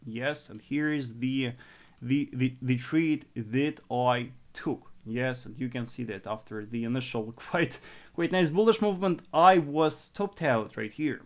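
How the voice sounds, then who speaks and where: A man's voice: mid-range voice, takes it slowly. A man coaching forex trading on a live stream, walking through his trades step by step with frequent restarts and a habitual "yes". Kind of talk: live market analysis stream.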